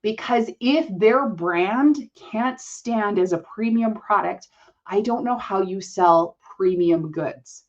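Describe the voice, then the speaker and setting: Woman host, coaching monologue; firm, matter-of-fact delivery at a middle pitch, slightly dull recording. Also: slow pace. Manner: direct, matter-of-fact, talks to the listener as "you". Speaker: podcast host and business coach.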